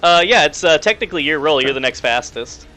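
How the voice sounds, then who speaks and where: A young man narrating as game master of a tabletop game, casual and halting with lots of fillers. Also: a little high, animated, pushed and bright, soft background music.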